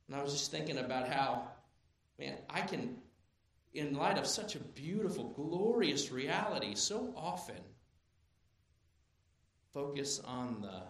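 A man in his thirties preaching a sermon as pastor, animated, moving between quiet asides and loud emphatic bursts. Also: a little high, moderate pace. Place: church sanctuary. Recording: very echoey church hall.

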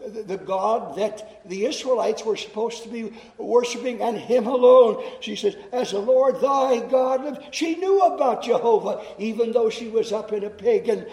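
A man preaching in chapel to students, explaining slowly and deliberately and repeating phrases for emphasis. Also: high voice, dark tone. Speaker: chapel speaker. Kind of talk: sermon to students. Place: chapel hall. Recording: echoey chapel hall.

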